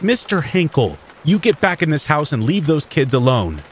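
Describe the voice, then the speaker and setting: A stern nurse scolding a troublesome old man, voiced by a male storyteller, her words raised well above his usual low voice. Firm and no-nonsense, with soft rain falling behind. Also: very animated, normal speed, a little hiss or hum.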